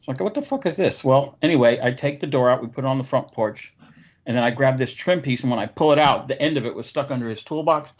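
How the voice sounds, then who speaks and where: A man's voice: mid-range voice, fast, lo-fi sound. A man hosting a podcast, telling stories in casual, profane chat. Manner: profane, animated storyteller. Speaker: podcast host.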